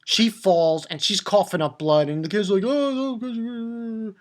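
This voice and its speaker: A man recapping and reviewing a cartoon episode in a casual, excitable way, swearing freely and stumbling over restarts and fillers. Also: a little high, moderate pace. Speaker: anime reviewer.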